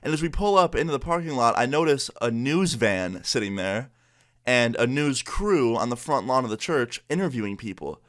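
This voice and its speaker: Young man telling a story, animated. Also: normal speed. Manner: animated, acts out quoted voices with pitch jumps. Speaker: storytime YouTuber. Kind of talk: casual storytelling.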